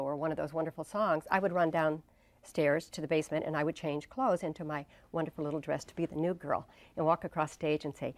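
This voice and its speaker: Older woman in her 60s on an interview, low voice, dry close sound, tells stories all animated and does everybody's voices. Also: a little fast, dry recording. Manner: animated storyteller acting out quoted voices. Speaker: interview guest. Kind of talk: casual storytelling interview.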